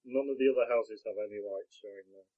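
A man's voice: fairly low pitch, quick pace. A man narrating a tabletop game as game master, hesitant, with lots of fillers and restarts. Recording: dull lo-fi audio.

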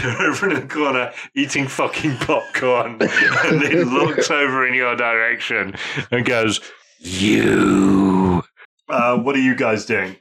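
A man narrating a tabletop game as game master, telling the action with laughs and the odd swear word. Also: medium pitch. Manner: lively, laughing, profane storytelling.

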